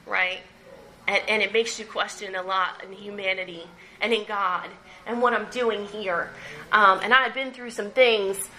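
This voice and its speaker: A woman's voice: fairly high pitch, pushed and bright, slight background noise, low-quality recording. A young woman sharing her recovery story at a meeting, candid and conversational, often laughing as she talks. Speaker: recovery speaker. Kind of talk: personal testimony at a recovery meeting. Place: meeting room.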